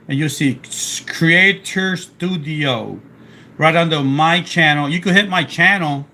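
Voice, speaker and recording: A man's voice: a little high, sharp tone. A man with a Philadelphia accent, talking casually on a live stream and reading chat aloud. He rambles and restarts his sentences while fighting off a sore throat. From South Philadelphia, USA. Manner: chatty, rambling, restarts often.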